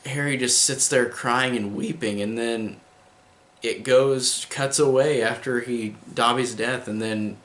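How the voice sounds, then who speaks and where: A man's voice: mid-range voice, a bit bright. Emotional man reviewing a film, roomy echo. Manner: enthusiastic, emotional, rambling retelling. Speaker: movie reviewer.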